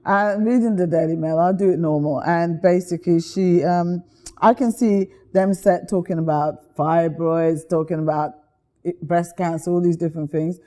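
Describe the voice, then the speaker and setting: Lively woman guest, mellow tone, animated storytelling. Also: fairly low pitch, normal speed. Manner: lively, chatty, slips into voices while telling stories.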